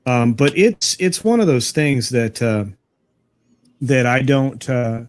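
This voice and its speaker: A man with a mid-range voice gives his view on a casual podcast. He hesitates a lot, restarting his sentences and filling pauses as he searches for words. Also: medium pitch, animated. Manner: hesitant, full of restarts and fillers. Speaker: podcast panelist.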